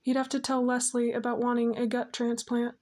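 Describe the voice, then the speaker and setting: A woman narrating an audiobook with a steady, even storytelling manner. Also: fairly high pitch, fairly quick.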